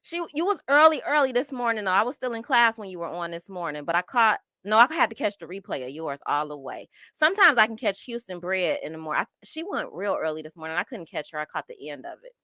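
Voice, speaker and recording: A woman speaking hosts a casual livestream, reading out chat messages and reacting in a lively, slangy way. Her voice is bright and forward, and the recording is dry and close to the mic with no room sound. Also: mid-range voice, quick pace, hardly any pauses, no room sound. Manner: animated and chatty, slangy.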